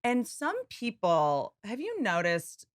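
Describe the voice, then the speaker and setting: A woman's voice: mid-range voice, huge pitch swings, takes it slowly, dry recording, clean studio sound. A woman hosting a casual comedic interview podcast, rambling freely and acting out the voices in her stories. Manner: rambling, acts out quoted voices. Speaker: podcast host.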